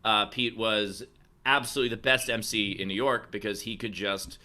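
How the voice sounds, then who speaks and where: A man hosting, telling stories in casual banter in a chatty, animated way. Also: fairly low pitch, moderate pace.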